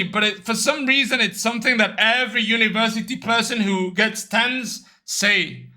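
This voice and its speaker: A young man streaming, chatting casually and telling animated stories with lots of swearing, raising his voice to act out other people. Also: high voice, moderate pace, few pauses. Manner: animated storytelling, acts out others in raised voice, swears often. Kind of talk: casual livestream chat.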